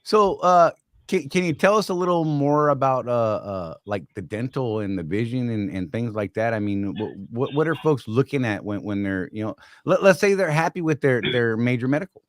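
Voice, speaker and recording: An earnest man co-hosting a casual chat show, his medium-pitched voice steady and conversational. He keeps restarting and doubling his words as he works through a thought. The sound is dry and close, with no room echo at all. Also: normal speed. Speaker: podcast co-host.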